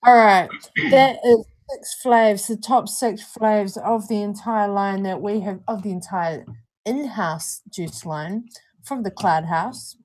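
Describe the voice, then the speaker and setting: A young woman with a New Zealand accent co-hosts a casual live-stream review of vape juice, chatting in an easygoing way. Her mid-range voice is a little slow, and the recording quality is low.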